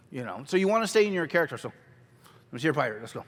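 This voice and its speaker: A man leading a church skit class, coaxing volunteers in a lively way and laughing often. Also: a little high, quick pace, big-room sound. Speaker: drama workshop teacher. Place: church hall.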